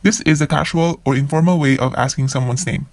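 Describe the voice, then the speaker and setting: A man's voice: mid-range voice, steady tone, fairly quick, creaky, a little mellow, dry recording. A man from the Philippines, a language learner, teaching vocabulary by saying each word twice and then explaining it. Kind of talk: vocabulary lesson.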